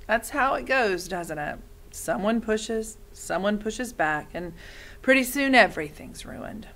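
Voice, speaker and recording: A woman's voice: mid-range voice, animated, a little slow, a bit bright. A woman voicing a tired, kind but distracted woman doctor who speaks wearily in a read-aloud story. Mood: weary. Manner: weary, sighing.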